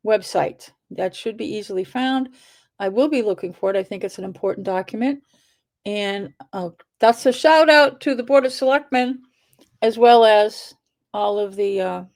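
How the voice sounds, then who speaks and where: A woman with a somewhat higher voice talks casually, drifting between thoughts and correcting herself as she goes. She sounds like a local video blogger chatting about small-town matters. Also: a little mellow. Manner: chatty and rambling, with self-corrections. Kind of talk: casual commentary.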